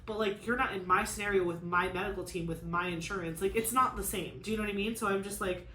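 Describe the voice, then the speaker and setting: A woman talks casually on her crafting channel, venting in a rambling way full of "like". Her voice sits at an ordinary pitch and bounces around a reverberant room. A faint room ambience hums underneath. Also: steady tone, fast, sharp tone, a little hiss or hum. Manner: rambling, lots of "like", frustrated venting. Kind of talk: casual chat while crafting.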